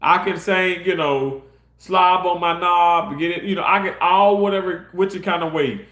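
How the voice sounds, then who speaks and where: A man's voice: high-pitched, normal speed, a bit bright, reverberant. Heated, cursing man on a live stream. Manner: passionate, heated, cursing, repeating himself. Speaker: live-stream content creator. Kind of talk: casual live-stream rant.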